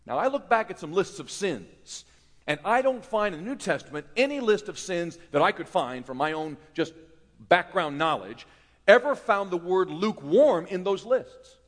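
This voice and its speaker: A middle-aged pastor from North Carolina preaching a sermon, folksy and self-mocking, building to fervent emphasis. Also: male voice, high voice, expressive, moderate pace, a bit bright, big-room sound. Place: church sanctuary.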